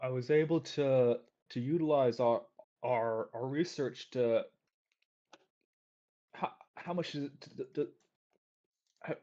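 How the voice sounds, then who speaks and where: A man's voice: mid-range voice, slow pace, long pauses, mellow, natural voice. Man doing a stammering young researcher. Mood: eager. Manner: stammering, rambling. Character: nervous young male student researcher. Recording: dull lo-fi audio.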